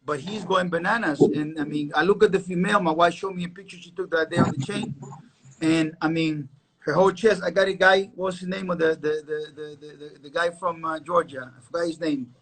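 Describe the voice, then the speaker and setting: A man hosting a live-stream chat as a dog breeder, telling stories in an emphatic, animated way. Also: fairly high pitch, brisk, a little hiss or hum.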